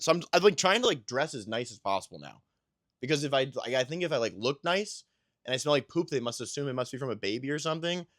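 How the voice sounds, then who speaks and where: A man's voice: mid-range voice, a bit bright, no echo, studio quality. A man chatting casually about his week as a new father, telling rambling, self-deprecating stories. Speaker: podcast host and new father. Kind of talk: casual chat.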